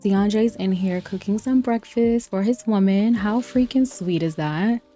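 A young woman giving casual commentary on a life-simulation game, chatty and playful, laughing often and breaking into excited exclamations. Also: mid-range voice, unhurried. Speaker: let's play streamer. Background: faint lofi background music.

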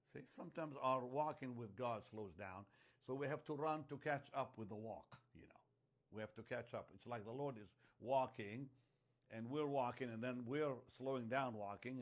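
A man preaching a sermon, emphatic and repetitive, dropping to a hush and then rising loud on key phrases. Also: medium pitch, normal speed. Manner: emphatic, repeats phrases, swings from hushed to loud.

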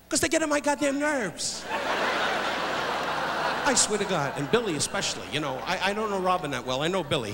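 An older man doing live insult stand-up on a theater stage, loud and brash as he barks jabs at the audience. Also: high voice, big-room sound. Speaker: insult comedian. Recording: live theater show, loud crowd and noise. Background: loud audience laughter.

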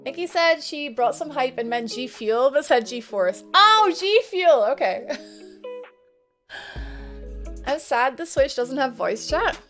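High-voiced, giggly young woman streamer. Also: lively intonation, a little slow, pauses often, soft background music. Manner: chatty, giggly, greets viewers by name. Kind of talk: casual live-stream chat.

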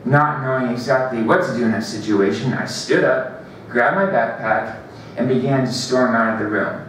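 A man's voice: medium pitch, a bit bright. Man, open mic reading, stumbles and restarts, library event room, faint background noise. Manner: halting, restarts and corrects himself. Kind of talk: reading own story aloud. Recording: very echoey room, distant mic.

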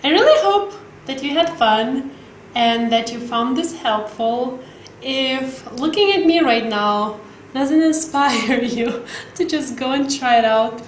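A woman cooking and tasting food on her vlog, talking to the camera in a gushing, excitable way. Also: slow, roomy sound, slight background noise. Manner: gushing, excitable, breaks into squeaky voice. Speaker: cooking vlogger. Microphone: camera mic, some distance away.

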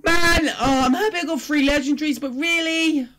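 In this loot-box opening video, the gaming creator alternates among glum muttering, pleas to the game, and excited shouts. The voice is high and the pace moderate.

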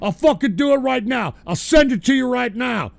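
A man putting on a shouting, pushy troll. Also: very high-pitched, lively intonation, moderate pace, vocal fry, no echo, exaggerated voice. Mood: insistent. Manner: insistent, shouting, profane. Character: pushy male troll insisting on paying.

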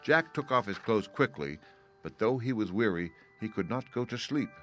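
A man reading a fairy tale aloud as an audiobook narrator, in a steady, even storytelling manner. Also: lowish voice, moderate pace, soft background music.

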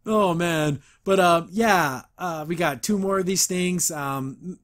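A man's voice: high voice, takes it slowly, hardly any pauses, fairly bright tone. A man hosting a podcast, casually recapping and reacting to a cartoon episode in a sarcastic, exasperated way, often laughing. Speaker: podcast host reviewing a cartoon.

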